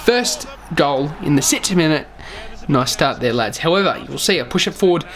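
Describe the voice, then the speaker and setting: A man's voice: fairly high pitch, animated, moderate pace, a bit bright. A tired young man, talking over his own game footage and calling every play to his "lads". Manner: calls each play, says "lads" often. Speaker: gaming YouTuber.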